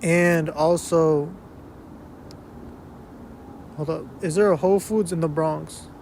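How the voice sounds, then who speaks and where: Rambling high-voiced young man. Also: fairly even intonation, slow pace, a little mellow, a little hiss or hum. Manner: rambling, self-interrupting, sprinkles in curse words; switches between English and Spanish. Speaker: podcast host. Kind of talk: solo casual chat. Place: a spot in an uptown neighborhood of a big city.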